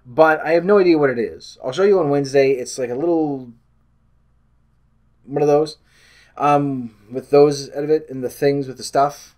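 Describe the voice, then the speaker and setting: Speaking at normal speed in a slightly high, slightly mellow voice, a man from Canada chats on his weight loss vlog. He rambles, runs himself down, and regularly loses his thread.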